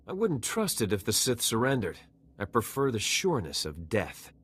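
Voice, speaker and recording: A man's voice: fairly low pitch, wildly swooping pitch, normal speed, a bit bright, breathy edge, full character voice. An actor playing a proud, zealous male Jedi Knight in a video game, who speaks in a righteous, combative way.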